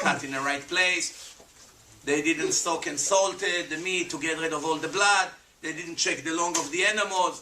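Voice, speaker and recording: A man's voice: a little high, pushed and bright, recorded from a distance. A man streaming, explaining religious teaching with emphatic rhetorical questions and non-native English phrasing. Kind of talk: animated religious explanation to a chat. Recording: echoey room, off-mic, faint noise.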